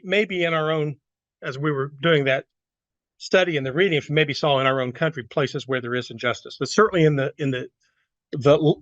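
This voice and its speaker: A man's voice: a little high, fairly bright tone, no room sound, muffled recording. Man teaching a church class. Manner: conversational, asks the class questions, many restarts.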